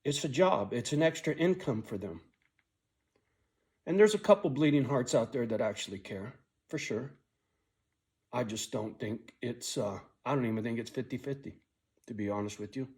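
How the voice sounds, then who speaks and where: A man's voice: mid-range voice, normal speed, pauses often. A middle-aged man telling a personal story in a blunt, casual way, swearing a lot and often tagging his lines with "right?". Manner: blunt, heavy swearing, frequent "right?" tag; angry when telling the story, quiet and weary when reflecting.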